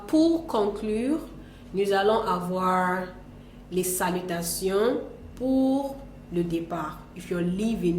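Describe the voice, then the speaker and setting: A woman teaching French greetings in a relaxed lesson, patiently explaining and repeating example phrases. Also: mid-range voice, roomy sound. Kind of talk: conversational language lesson.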